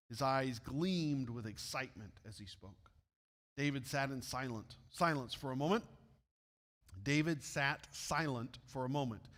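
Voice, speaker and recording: A man's voice: a little high, fairly bright tone, in a large hall. A man with a Midwestern US accent reading a missionary story aloud at church, with friendly asides to his listeners.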